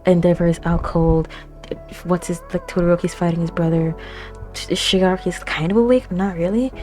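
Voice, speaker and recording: A young woman hosting an anime reaction, talking casually with lots of fillers, gasps and excited exclamations. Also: lowish voice, a little fast, soft background music. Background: anime episode soundtrack playing.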